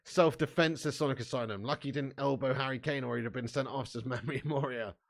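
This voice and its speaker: A man's voice: mid-range voice, fast talker, creaky. A man hosting a live football watch-along. He reads chat comments aloud and talks in a casual, sweary way. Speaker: fan channel host.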